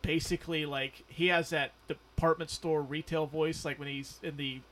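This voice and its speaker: A man's voice: a little high, level tone, normal speed, a bit bright. Rambling, profane male podcast host. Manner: loose, rambling, full of "like" and swearing. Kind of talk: casual chat.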